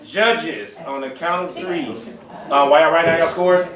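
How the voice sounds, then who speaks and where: A man's voice: fairly high pitch, moderate pace, far from the mic. A man hosting a live poetry slam, reading scores and hyping the crowd with jokes. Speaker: slam host. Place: museum event space with live audience. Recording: echoey room from afar, loud noise.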